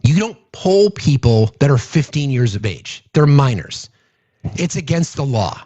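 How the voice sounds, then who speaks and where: A man's voice: medium pitch, big pitch swings, measured pace, warm tone, no echo, lo-fi sound. A man giving casual political commentary, indignant and rambling, often restarting his sentences.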